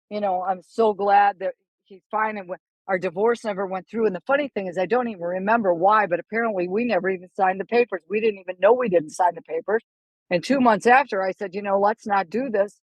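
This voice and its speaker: A middle-aged woman, a golf instructor, telling stories animatedly in a casual podcast chat, with quick asides and restarts. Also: mid-range voice, no room sound, muffled recording.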